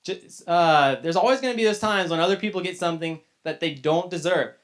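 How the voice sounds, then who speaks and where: A man's voice: sits high, a little fast. A man teaching a casual Bible lesson to young people, retelling the story loosely with chatty asides. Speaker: youth teacher.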